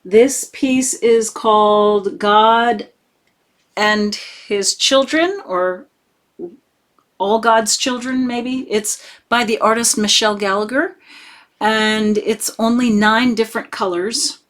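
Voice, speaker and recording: Slow-talking woman chatting to camera. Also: a little high, fairly bright tone. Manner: chatty, gushing, full of fillers. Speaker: cross-stitch vlogger. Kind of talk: casual chat to camera.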